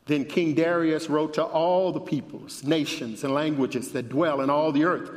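A man preaches a sermon and reads scripture aloud with dramatic emphasis, his voice climbing at the high points. He speaks at normal speed, and the sound carries the echo of a big room.

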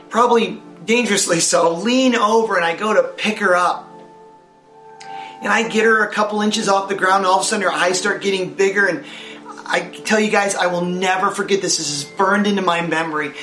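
An older man preaches a sermon in a high voice, earnest and searching, often doubling a word as he restarts. The sound carries a roomy echo, with faint instrumental music behind him. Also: bright, forceful tone. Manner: earnest, repeats words as he speaks. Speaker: pastor.

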